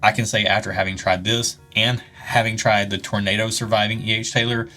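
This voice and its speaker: A man co-hosting a whiskey tasting show, talking in a relaxed, joking, chatty way. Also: lowish voice, fairly quick, soft background music. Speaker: whiskey reviewer, co-host. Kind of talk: casual chat.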